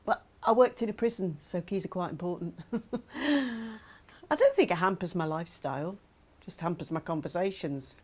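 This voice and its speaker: A woman's voice: on the low side, animated, moderate pace, a little mellow, slightly rough. An actress playing a chatty woman with mild hearing loss who talks about it frankly and with humour. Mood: candid. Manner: chatty, self-deprecating, laughing. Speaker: actor voicing a woman's testimony. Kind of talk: scripted testimony monologue.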